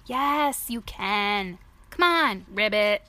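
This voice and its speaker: A woman's voice: mid-range voice, lively intonation, very slow, pushed and bright, exaggerated voice. A woman voicing a cheerful, playful young female pig, reading a picture book aloud with a bouncy, eager manner. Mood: coaxing.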